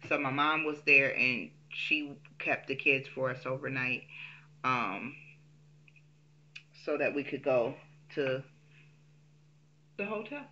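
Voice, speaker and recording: A woman's voice: extremely low pitch, takes it slowly, long pauses, bright, forceful tone, dull audio. A woman telling a personal story in a casual, candid way, with frequent um fillers.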